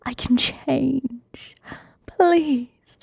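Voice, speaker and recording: A woman's voice: vocal fry, a little mellow, slightly rough, no room sound, studio quality, heavily acted. A woman voicing a frantic male donkey begging not to be turned in, in a whispered role-play reading. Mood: pleading. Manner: begging, rapid, high-pitched.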